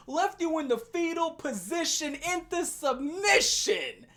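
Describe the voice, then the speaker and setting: A young adult woman hosting a ranting commentary video, animated and profane, often laughing. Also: high voice, unhurried, hardly any pauses. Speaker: commentary channel host.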